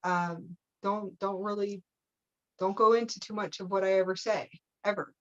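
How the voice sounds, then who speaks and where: A woman's voice: medium pitch, fairly even intonation, normal speed, lo-fi sound. A woman leading a live spiritual teaching session, meandering through her points, often checking in with "okay?" and breaking into playful laughter.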